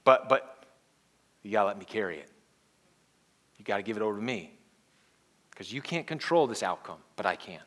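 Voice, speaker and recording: A man voicing a soft, reassuring divine voice. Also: fairly low pitch, lively intonation, normal speed, pauses often, voice pushed down. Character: calm, gentle divine voice offering help. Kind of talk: sermon.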